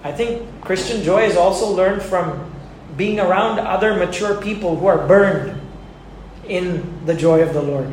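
A man's voice: high voice, unhurried, darkish tone, slight background noise. A male pastor preaching a sermon in an earnest, conversational way, chuckling now and then. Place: church sanctuary. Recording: very echoey church hall.

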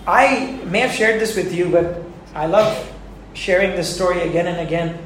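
A man's voice: high voice, moderate pace, a bit bright, a little hiss or hum. A male pastor preaching a sermon in an earnest, conversational way, chuckling now and then. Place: church sanctuary. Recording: very echoey church hall.

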